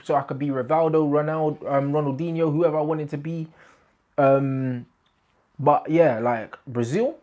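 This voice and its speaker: A young man, hosting a casual football chat to camera in animated, slang-heavy banter with bursts of excitement. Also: medium pitch. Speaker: YouTube host.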